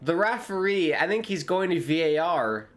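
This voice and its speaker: A young American man, a streamer commentating live on a football match with viewers, bursting into loud exclamations at big moments. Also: a little high, expressive, normal speed. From United States. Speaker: watchalong streamer.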